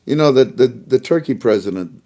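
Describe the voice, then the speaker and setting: Animated man mocking in casual commentary. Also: medium pitch, normal speed. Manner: animated, mocking, acts out dialogues; laughs between remarks. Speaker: online commentator.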